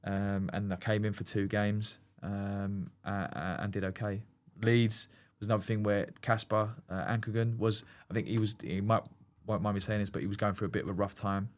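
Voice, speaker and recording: A man's voice: lowish voice, moderate pace, hardly any pauses. A man, a former goalkeeper telling a long story as a podcast guest, full of fillers and restarts. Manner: rambling, animated storyteller with many fillers and restarts. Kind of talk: casual storytelling chat.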